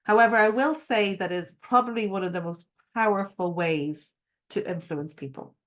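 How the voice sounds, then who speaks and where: A woman's voice: medium pitch, moderate pace. A middle-aged woman giving a live-streamed masterclass as a coach, speaking expressively and emphatically and asking the viewers direct questions. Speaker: mindset coach.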